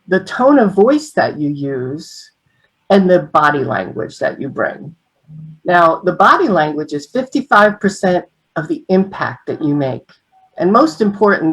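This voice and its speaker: A middle-aged woman giving an online training on sales presentations, teaching through lively examples. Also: on the low side, low-quality recording.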